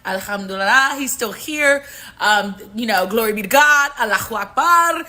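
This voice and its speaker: Middle-aged woman host, casual livestream chatter, lively and profane, bright tone. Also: on the high side, moderate pace. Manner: animated, profane, swearing and slangy. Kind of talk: casual live-stream commentary.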